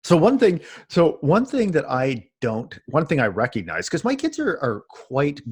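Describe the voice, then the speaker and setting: A man, a husky voice, chatting casually as a podcast co-host and telling an animated, swearing story. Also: a little high, moderate pace. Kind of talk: casual chat among friends.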